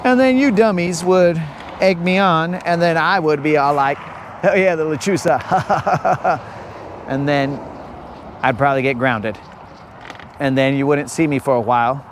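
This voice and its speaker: Man, fishing stream host, unhurried teasing banter, higher voice, light background hum outdoors. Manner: joking, teasing, playfully rambling. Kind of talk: casual live-stream chat to viewers. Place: outdoors on a lake.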